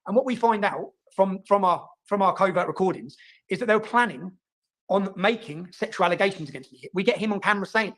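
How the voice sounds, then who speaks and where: A man telling his own story, fast and emphatic, often repeating words and asking "yeah?". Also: high voice, a bit bright. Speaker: interviewee in played clip. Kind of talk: animated personal storytelling.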